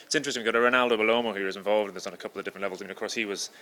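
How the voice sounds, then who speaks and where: A man hosting an interview, talking rapidly and enthusiastically with rambling asides. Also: fairly low pitch, fairly even intonation, sharp tone. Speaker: podcast host, doctor. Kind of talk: conversational interview.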